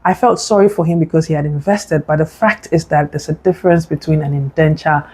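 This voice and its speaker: A woman's voice: low-pitched, steady tone, fairly quick, mellow, husky. A woman, a property advisor telling a story and giving earnest, instructive advice. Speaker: real estate advisor. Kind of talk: advice talk to camera.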